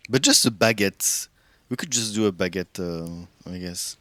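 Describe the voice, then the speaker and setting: A male streamer with a lowish voice talks casually while he plays, rambling through false starts and thinking aloud. His voice is close to the mic and dry, with no room sound behind it. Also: normal speed, fairly bright tone, no room sound. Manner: rambling, many restarts, chats with viewers while thinking aloud.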